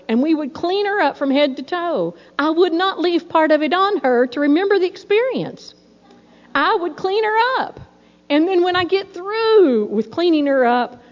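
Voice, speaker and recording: A middle-aged woman preaching a sermon, telling folksy personal stories in a lively, storytelling way. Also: extremely high pitch. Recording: dull sound in a reverberant hall.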